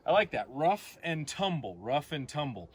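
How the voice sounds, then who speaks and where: This upbeat fitness instructor runs an outdoor abs session among rocks, calling out reps and reminding listeners when to breathe. He speaks at a normal speed in a voice on the high side, with big pitch swings. There's slight background noise.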